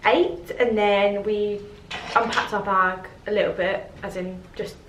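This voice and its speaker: A young woman chatting casually in a travel vlog, bubbly and quick to laugh. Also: medium pitch, fairly even intonation. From United Kingdom. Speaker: travel vlogger. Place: hotel room. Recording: echoey room, faint background noise.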